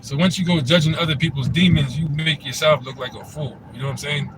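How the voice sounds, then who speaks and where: A man with a slightly high, steady voice talks fast over background noise. He rambles through a laid-back commentary monologue like a host addressing his channel, often saying "you know what I'm saying."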